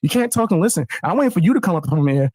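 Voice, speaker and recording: Mocking male streamer, taunting in a lively, sing-song voice; dry recording. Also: sits high, very fast, dry recording. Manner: taunting, mocking, laughs between insults. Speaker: streamer on a call-in panel. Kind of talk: heated online argument.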